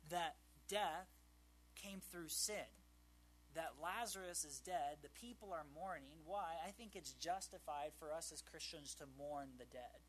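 A man's voice: fairly high pitch, a bit bright, a little hiss or hum. A man giving a casual, conversational Bible teaching, full of fillers and joking asides.

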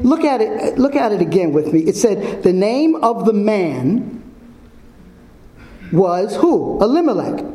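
A man's voice: sits high, warm tone. A man giving an informal sermon as a Bible teacher, emphatic and full of rhetorical questions to his listeners. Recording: echoey room.

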